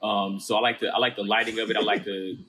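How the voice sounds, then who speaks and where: Male co-host, fast, halting delivery with repeats, opinionated. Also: on the low side, little pitch movement, bright, forceful tone. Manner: halting, repeats words as he builds a point. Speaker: podcast co-host. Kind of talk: casual chat.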